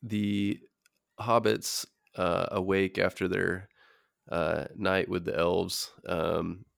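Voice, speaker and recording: A gravelly, low-voiced man co-hosts a podcast, pausing often and filling gaps with ums. He speaks slowly and flatly, recorded dry and close. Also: dry recording. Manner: hesitant, many fillers. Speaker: podcast co-host. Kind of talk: casual podcast chat.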